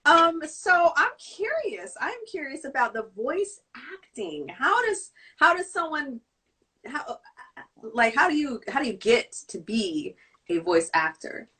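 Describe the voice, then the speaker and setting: A woman hosting a live-stream interview, speaking excitably and talking up to an iPad set some distance away. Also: high-pitched, measured pace. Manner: excitable, exclaiming. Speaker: interviewer host.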